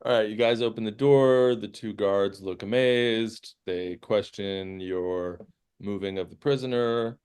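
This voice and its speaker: A man's voice: lowish voice, steady tone, a little slow, a little mellow, smooth. A man running a tabletop game as game master, narrating loosely with many fillers.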